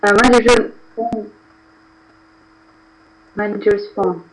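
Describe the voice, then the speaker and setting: A woman's voice: medium pitch, fairly even intonation, takes it slowly, low-quality recording. A woman, a student reading an English exercise aloud hesitantly with restarts. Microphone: video call.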